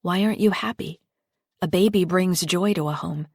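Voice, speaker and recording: A woman reads a young female store clerk in an audiobook thriller, polite but flustered and hurrying. The voice sits low and is recorded dry and close. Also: husky, no room sound. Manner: polite, hurried.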